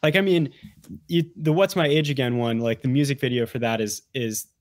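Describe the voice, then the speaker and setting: A man who is a guest on a podcast, chatting casually in an animated, rambling way with many restarts. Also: mid-range voice, brisk, dry recording, studio quality. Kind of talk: casual conversational interview.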